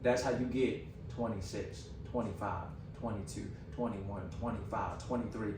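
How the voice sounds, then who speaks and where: A man's voice: lowish voice, normal speed. Emphatic man, echoey and distant. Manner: animated, emphatic, slangy. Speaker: podcast host. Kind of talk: casual chat. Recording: echoey room, far from mic, background noise.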